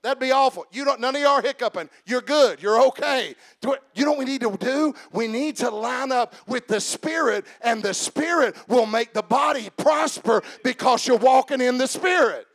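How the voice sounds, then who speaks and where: Preaching to his congregation, a man with a very high-pitched voice addresses them directly and with humor. He shouts and slows down for emphasis, then drops into quiet asides.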